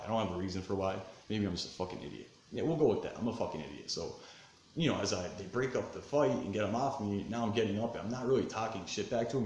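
Man in his thirties, casual profane storyteller, lowish voice, echoey living room, faint background noise. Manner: profane, animated, swings between fired-up and subdued. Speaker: vlogger telling a personal story.

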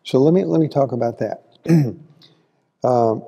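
In a large church hall, a man leads a conversational Bible class in a folksy manner, questioning his listeners and acting out quotes along the way. His mid-range voice is unhurried, gravelly, warm and slightly rough.

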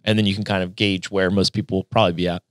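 A man talking as a guest on a podcast, relaxed and joking in casual chat. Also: low-pitched, rapid-fire, dry recording, studio quality. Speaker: podcast guest, competitive athlete.

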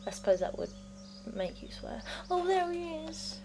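A woman's voice: very high-pitched, very animated, moderate pace, gravelly, background noise. A woman hosting a let's-play, jittery and giggly, gasping and exclaiming as she plays, speaking into a headset mic at home. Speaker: gaming channel host. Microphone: headset mic with headphones.

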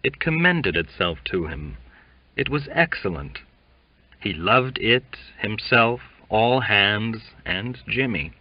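Male audiobook narrator, low voice, measured delivery, dull lo-fi sound. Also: lively intonation, no room sound. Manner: measured, deliberate. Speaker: audiobook reader. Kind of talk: scripted narration of a classic novel. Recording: dull lo-fi dry recording.

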